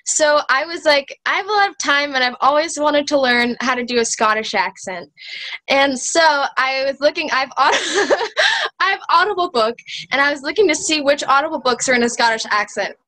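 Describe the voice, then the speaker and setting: A woman tells a self-deprecating story over a video call, her voice a little high. She talks casually and breaks into giggles. The tone is loose and chatty. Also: lively intonation, normal speed, sharp tone, low-quality recording. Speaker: cast member.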